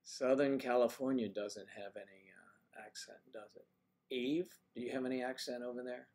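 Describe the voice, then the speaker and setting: A man with a steady, darkish mid-range voice and moderate pace hosts a casual livestream from the Washington DC area. Unaccented and chatty, he reads the chat and cracks teasing jokes at his viewers.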